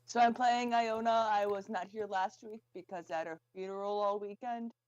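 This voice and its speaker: A woman who is losing her voice, a tabletop game player talking softly and hesitantly in casual chat over a call. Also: medium pitch, steady tone, moderate pace, no echo. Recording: dull lo-fi call audio.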